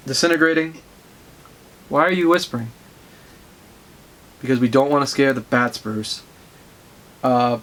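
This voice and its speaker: A man casually reviewing a comic, retelling the story in an excited, rambling way with many fillers. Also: medium pitch.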